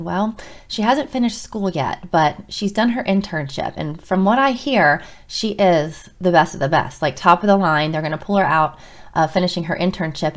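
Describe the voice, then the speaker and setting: A middle-aged woman, a school counselor, telling a heartfelt personal story with emotion and many restarts. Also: fairly low pitch. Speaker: school counselor and podcast host.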